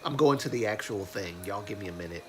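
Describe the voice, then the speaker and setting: A young man with a cold, sniffling and congested, hosting a casual livestream and slowly reading news aloud with frequent restarts and self-corrections. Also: lowish voice, animated, music in the background. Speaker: livestream host.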